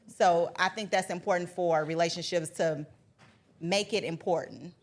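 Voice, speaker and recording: A woman on a panel, speaking in a relaxed, affirming way. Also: fairly low pitch, moderate pace.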